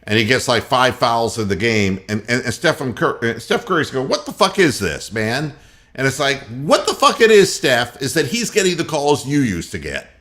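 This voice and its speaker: A man's voice: mid-range voice, big pitch swings, normal speed, few pauses, fairly bright tone. A man hosting a sports radio show, giving a profane, sarcastic rant about biased officiating. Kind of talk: ranting sports commentary.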